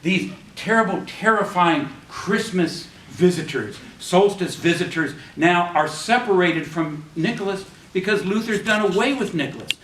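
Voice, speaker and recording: A man's voice: high voice, normal speed, hardly any pauses, fairly bright tone, reverberant, recorded from a distance, slight background noise, low-quality recording. A man giving a classroom lecture, telling stories with many ums, restarts and false starts. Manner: rambling with frequent ums and restarts.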